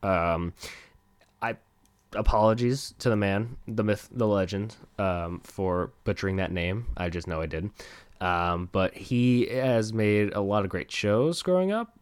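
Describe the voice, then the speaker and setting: Host: young man, deep voice, dry close mic, loose and rambling. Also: measured pace, smooth, no room sound. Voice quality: rambling, self-deprecating, swears a lot. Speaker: podcast host. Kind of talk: casual solo podcast rambling. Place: home desk. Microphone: close desk mic.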